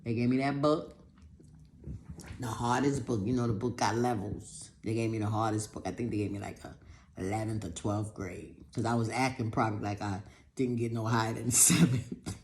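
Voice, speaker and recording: A woman telling a personal story in a talk, animated, acting out other people's voices and often repeating words. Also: a bass voice, reverberant. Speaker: speaker giving a talk.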